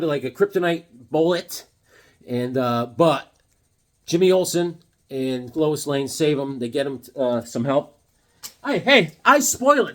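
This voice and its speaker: A man in his fifties talking casually about comic books, rambling and joking with lots of filler words. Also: a little high. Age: 50s. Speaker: comic book vlogger. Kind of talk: casual comic review vlog.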